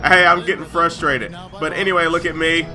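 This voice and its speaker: Excitable man with a bright high voice. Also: brisk. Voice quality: excitable, shouts on big plays. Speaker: gaming YouTuber. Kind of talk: gameplay commentary.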